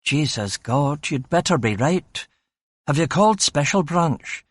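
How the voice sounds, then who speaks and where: A man's voice: fairly high pitch, expressive, unhurried, no room sound, studio quality. A man voicing an alarmed, exasperated senior police officer in an audiobook. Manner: alarmed, urgent. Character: exasperated middle-aged police chief inspector.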